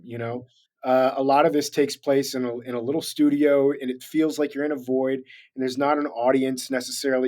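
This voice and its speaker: A man's voice: medium pitch, darkish tone. A man talking as a voice actor guest in a remote interview, reflective and rambling, laughing easily. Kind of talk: casual interview chat.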